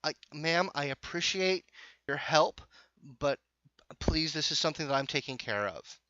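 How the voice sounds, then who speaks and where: A woman's voice: sits low, lively intonation, very fast, bright, forceful tone, no echo, highs cut off, pitched above the performer's own voice. A man voicing a pushy, stern adult woman stranger who is clipped and firmly polite.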